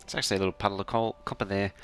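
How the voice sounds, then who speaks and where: A man's voice: fairly low pitch, fairly even intonation, very fast, a bit bright, faint music behind. A man casually commentating while he plays, muttering to himself and now and then making playful mouth sound effects. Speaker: game streamer. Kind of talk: casual live-stream commentary.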